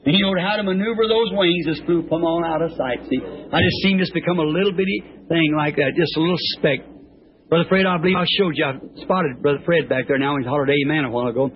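A man preaching to a church congregation, his voice sitting a little higher than most men's. He talks in a folksy, rambling, homespun way and sometimes breaks into high, excited shouts. The old tape makes the sound dull, with a faint hiss behind it. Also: quick pace. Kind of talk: folksy storytelling sermon.

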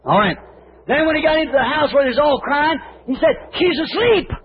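A man's voice: very high voice, animated, a little fast. A man preaching a fervent sermon, acting out scripture scenes and firing rhetorical questions at the congregation. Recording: tinny lo-fi old sermon tape with faint hiss.

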